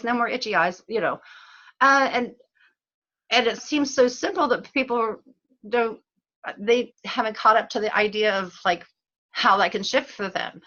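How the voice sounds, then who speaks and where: A woman hosting a casual teleseries chat, bubbly and quick to laugh, who acts out little voices as she talks. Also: a little high, sharp tone, dull audio. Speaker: host. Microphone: phone or call line.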